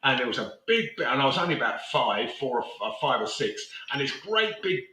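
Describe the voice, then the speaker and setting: A man's voice: mid-range voice, very animated, a little fast, sharp tone, reverberant, far from the mic, rough recording. An older man with a South London accent, chatting and reminiscing casually as co-host, laughing easily. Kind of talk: casual chat.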